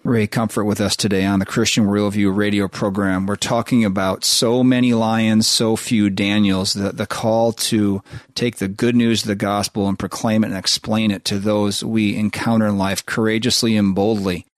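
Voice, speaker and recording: A man hosting a radio interview, speaking in a measured way as he reads book passages and order details. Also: on the low side, little pitch movement, dry recording, studio quality. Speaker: radio host.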